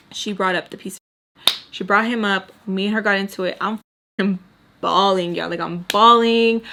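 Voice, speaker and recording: A woman's voice: mid-range voice, fairly bright tone. A woman in her twenties telling a personal story casually on her channel, heated and profane, rambling with lots of fillers.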